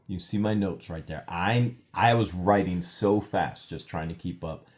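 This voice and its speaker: A man's voice: low voice, measured pace, few pauses. A man co-hosting a casual talk show, commenting indignantly and emphatically on a court case. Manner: emphatic, indignant, quotes testimony. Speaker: podcast co-host.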